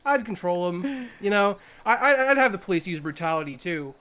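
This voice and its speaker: A crude tough-guy candidate, voiced by a man in a game role-play. He talks in a very high, bright, sharp voice, swearing bluntly and talking tough. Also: animated, brisk.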